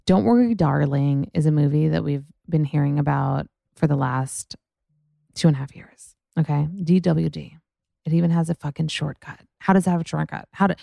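A woman's voice: low voice, gravelly, warm tone, no echo, studio quality. A young woman hosting a podcast, chatting frankly and profanely about celebrity gossip in a rambling way. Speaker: podcast host. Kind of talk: casual gossip chat.

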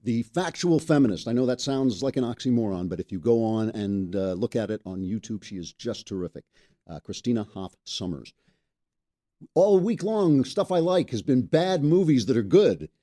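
Lively, mellow-voiced male talk host. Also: mid-range voice, normal speed, no echo, clean studio sound. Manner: lively and chatty, laughs easily. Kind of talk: talk show interview and chat.

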